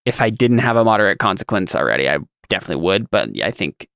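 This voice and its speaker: A man's voice: on the low side, big pitch swings, fast talker, creaky, a bit bright, clear, resonant tone, no echo, clean studio sound. A man playing in a tabletop role-playing game, describing his character's actions in a stumbling way and repeating words. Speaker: player.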